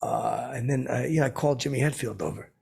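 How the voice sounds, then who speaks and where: A middle-aged man spins a rambling comedic tale, boastful and full of stammers and restarts. His voice is heavily gravelly and raspy, sitting at an ordinary pitch. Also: fast talker, darkish tone. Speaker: comedic character host telling stories.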